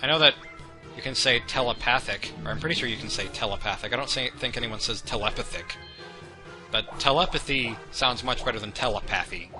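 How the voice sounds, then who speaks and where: Young guy chatting over a game, wanders off on tangents, music going loud behind him. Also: mid-range voice, fast. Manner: meandering, self-deprecating, chatty tangents. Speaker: let's play commentator. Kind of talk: rambling gameplay commentary.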